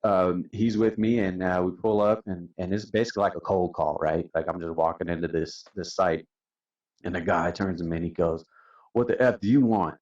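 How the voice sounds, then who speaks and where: Laid-back male podcast guest with a very low voice, sounding a bit distant and muffled. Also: level tone, a little fast, darkish tone. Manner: laid-back, says "man" and "dude" a lot. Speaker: podcast guest, company founder. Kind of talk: casual storytelling. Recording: distant, dull-sounding mic.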